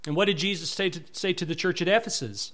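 High-voiced preaching man. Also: quick pace, a bit bright. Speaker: pastor. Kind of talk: sermon.

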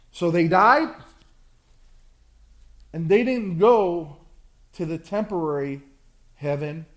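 Brief: impassioned male pastor mid-sermon, high voice, slow and deliberate, big swings in volume. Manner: impassioned preaching, swinging from loud surges to hushed drawn-out words.

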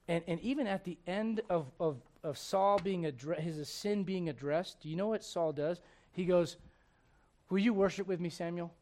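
A man's voice: a little high, a little mellow. A male pastor preaching a sermon with emphatic storytelling and direct questions to the congregation.

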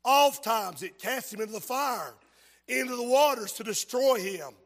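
A man preaching a fervent revival sermon, shouting his points and reading scripture aloud in a church. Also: very high voice, animated, normal speed. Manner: reads King James scripture aloud. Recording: long hall reverb.

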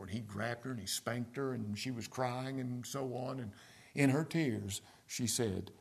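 A man who pastors a church, preaching a sermon and swinging from near-whispers to loud, stressed words. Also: medium pitch, unhurried, vocal fry, breathy edge. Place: church sanctuary.

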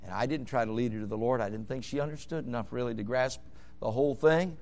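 A man preaching a sermon, moving from quiet storytelling into loud, fervent hollering. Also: mid-range voice, fast, vocal fry.

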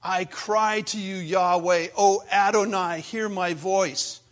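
A man giving voice to an anguished ancient psalmist, pleading with God in an intense, emphatic way, in a raised, slightly high voice. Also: a little slow, a bit bright.

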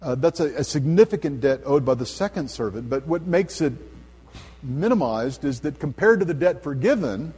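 A middle-aged man preaching a sermon as a pastor, earnest and emphatic at his high points, then soft and low as he tells stories. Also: lively intonation, moderate pace, slightly rough. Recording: long hall reverb.

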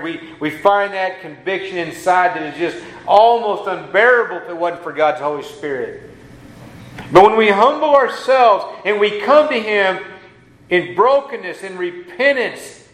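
Pastor guy preaching, kinda high voice, slow scripture reading then fired up, echoey church sound. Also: fairly bright tone. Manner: reads scripture slowly, builds to emphatic preaching. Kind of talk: sermon.

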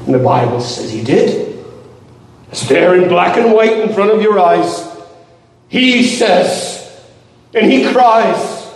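A man's voice: high-pitched, expressive, takes it slowly, long pauses. A man preaching a sermon, impassioned and emphatic, in a church. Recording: echoey hall, voice from far off.

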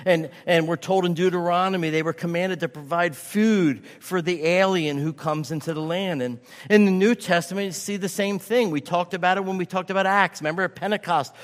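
A man's voice: sits high, moderate pace, hardly any pauses, in a large hall. A man preaching a sermon as pastor, stressing his points by repeating key phrases.

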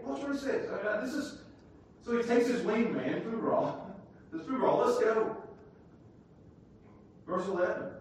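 High-voiced man preaching in an echoey hall. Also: moderate pace. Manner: animated, swings from loud to hushed, retells scripture in everyday words. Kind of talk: sermon with scripture reading. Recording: very echoey room, mic far off, faint noise.

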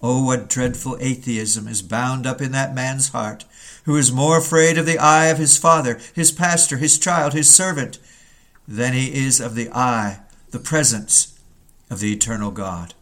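A man's voice: mid-range voice, fairly even intonation, unhurried, fairly bright tone. A man reading an old Puritan sermon aloud, earnest and building to urgent rhetorical questions.

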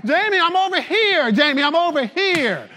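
A preacher playing Jesus calling out, pleading. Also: male voice, very high-pitched, big pitch swings, normal speed, sharp tone, voice pushed up, heavily acted. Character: Jesus calling after a busy man, earnest.

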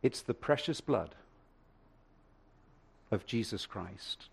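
A man's voice: on the low side, very animated, moderate pace. A male pastor preaching a sermon, telling a story with acted asides and the odd stammer.

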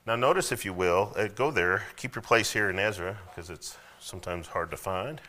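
A man's voice: sits low, normal speed, sharp tone. A man preaching a sermon in a conversational way, with frequent asides and calls for the congregation to recite verses with him. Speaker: pastor.

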